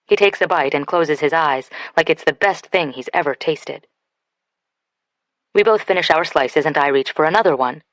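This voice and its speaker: A woman's voice: low-pitched, moderate pace, dry recording. A woman narrating an audiobook in the first person, in a casual, conversational way.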